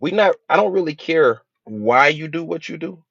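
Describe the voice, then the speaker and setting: A man's voice: fairly high pitch, lively intonation, moderate pace, creaky, a bit bright, dry recording. Emphatic slangy male hypnotherapist. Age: adult with a school-age child. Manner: emphatic, repetitive, rhetorical questions; casual slangy delivery. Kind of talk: motivational speech. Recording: dull dry lo-fi recording.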